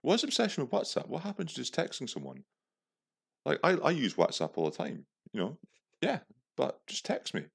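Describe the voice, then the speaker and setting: A man's voice: mid-range voice, wildly swooping pitch, brisk, vocal fry, husky. A young man hosting a podcast, telling a story in a crude, profane, comic rant. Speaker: podcast host. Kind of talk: casual storytelling monologue.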